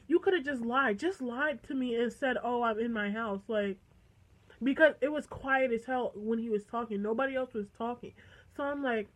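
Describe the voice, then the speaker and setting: A teenage girl telling a casual storytime in a chatty, animated way, acting out quoted dialogue and swearing freely. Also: on the high side, normal speed, poor audio. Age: teens. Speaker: vlogger.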